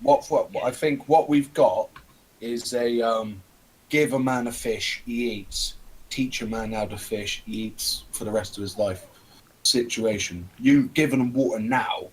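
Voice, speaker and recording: A man playing a tabletop game, swearing and laughing loudly in casual banter. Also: medium pitch, unhurried, slightly rough, rough recording. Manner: loud laughs, swearing, expressive. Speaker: player.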